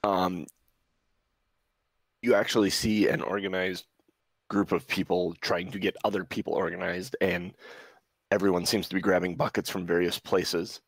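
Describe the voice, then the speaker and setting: A man narrates a tabletop game as its game master, his voice deep and gravelly. He halts and searches for words as he describes the scene. The sound is dry and close. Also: flat delivery, moderate pace, pauses often, no echo.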